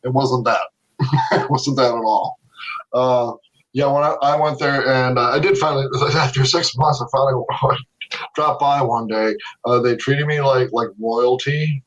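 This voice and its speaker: A man's voice: mid-range voice, fairly even intonation, a little slow, a bit bright, far from the mic, muffled recording. A man telling stories as a podcast interview guest. He laughs often and repeats his words as he goes. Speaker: interview guest, video game artist.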